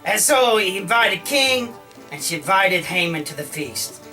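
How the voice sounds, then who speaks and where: A man's voice: high-pitched, expressive, a little slow, sharp tone, recorded from a distance, faint music behind, poor audio. A man casually retelling an old story in a slangy, comic way, often acting out the characters' lines. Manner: slangy, full of "like", acts out lines.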